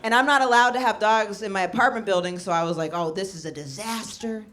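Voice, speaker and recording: A woman comedian performing a stand-up set, telling stories in a deadpan way and acting out the people in them. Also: mid-range voice, fast talker. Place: comedy show before a laughing audience. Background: audience laughter.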